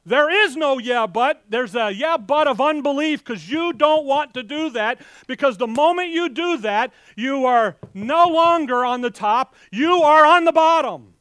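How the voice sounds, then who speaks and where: A man preaching a sermon with fiery, animated delivery, swinging between loud outbursts and hushed asides and speaking in a folksy, direct way to his congregation. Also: very high voice, unhurried, few pauses, smooth, dry recording. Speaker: pastor.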